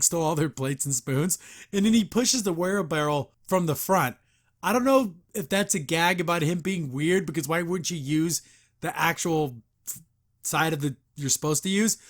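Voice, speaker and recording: A man's voice: on the high side, fairly bright tone. A young man hosting a podcast, casually recapping and reviewing a cartoon episode in a rambling way, slipping into quoted lines and chuckling.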